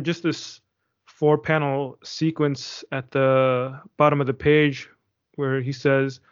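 A man's voice: fairly high pitch, little pitch movement, slow pace, clear, resonant tone. A man in a casual book discussion, talking in a hesitant way and searching for his words. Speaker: discussion participant. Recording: dull lo-fi sound.

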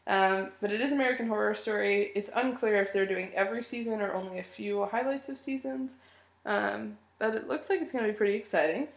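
Woman co-host, sick with a cold, lounging and chatting casually; gravelly tone. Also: mid-range voice, a little fast, echoey room. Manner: relaxed, chatty, lying on a couch. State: sick, sniffling. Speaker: podcast co-host. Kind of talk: casual chat. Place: living room.

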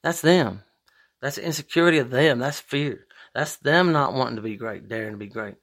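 A man hosting a podcast, talking in a profane, rambling monologue with big emphatic swings in pitch. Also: a little fast, fairly bright tone. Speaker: podcast host. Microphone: podcast microphone.

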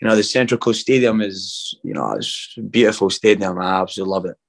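A man's voice: fairly low pitch, fairly even intonation, fast, vocal fry. A young Scottish man, a footballer, chatting casually in an interview, rambling and laid-back, calling everyone mate. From Scotland.

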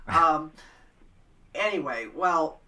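A man hosting an interview, casual and quick to laugh. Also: a little high, expressive, pushed and bright, recorded from a distance. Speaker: host. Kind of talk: interview chat.

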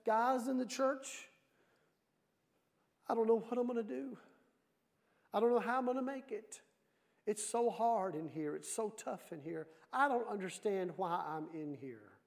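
A man's voice: high-pitched, unhurried, in a large hall. A man preaching, speaking as an imprisoned apostle who keeps repeating that he will not give up. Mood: glum. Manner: emphatic, repeating lines.

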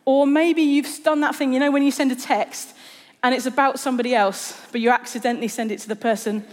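A woman's voice: high-pitched, fairly even intonation, a little fast. A woman preaching a conversational sermon, telling stories with a humorous, self-deprecating touch. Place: church hall. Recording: long reverb of a large hall.

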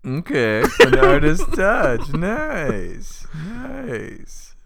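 Male podcast co-host, unhurried, with laid-back quips and short reactions. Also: fairly high pitch, huge pitch swings, creaky, a bit bright. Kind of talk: casual chat.

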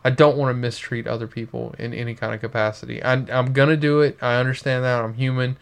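A man's voice: mid-range voice, level tone, quick pace, gravelly, clean tone. A young man co-hosting a podcast, talking in a casual, earnest and reflective way. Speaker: podcast co-host. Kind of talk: casual chat.

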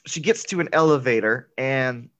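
A podcast host recounts a film in a casual, chatty way, laughing often and using many "um"s and "like"s. He has a medium-pitched, fairly bright voice at a moderate pace, and the audio is dull.

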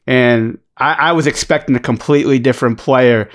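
A man's voice: mid-range voice, fairly even intonation, a little fast. Joking man with a Boston accent. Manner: rambling, profane, joking. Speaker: podcast co-host, former basketball player. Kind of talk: casual podcast chat.

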